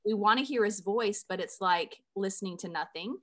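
An upbeat woman hosts a Christian podcast with eager energy. She talks in the middle of the usual range for a woman and sounds lively while she welcomes a guest. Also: mid-range voice, normal speed. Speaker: podcast host. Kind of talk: faith podcast intro and interview.

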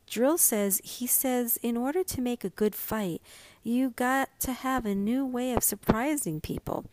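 A woman voicing an excitable, scheming little girl who talks eagerly and a bit whiny in a storybook reading. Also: on the high side, a little slow, dry recording, pitched above the performer's own voice, close to an everyday voice. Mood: excited.

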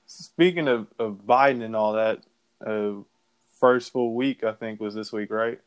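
A man's voice: lowish voice, unhurried, smooth. A man co-hosting a casual talk recording, talking loosely with slang and laughing often. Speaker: podcast co-host. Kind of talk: casual chat.

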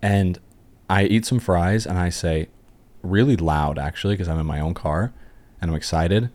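A young man co-hosting a podcast, telling jokey, excitable stories in casual chat. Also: low voice, moderate pace. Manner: animated storyteller, jokey and excitable. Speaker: podcast co-host.

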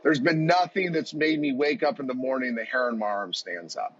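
A husky, slightly bright man in his forties speaks at medium pitch and a brisk clip. He's a football coach appearing as a podcast guest, sharing a heartfelt personal story earnestly, rambling and restarting often. The audio is dull and lo-fi.

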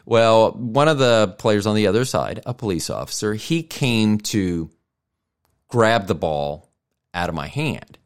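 A man's voice: lowish voice, very animated, measured pace, smooth. A middle-aged man hosting a podcast, telling a rambling, profane story in a heated, casual way. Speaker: podcast host.

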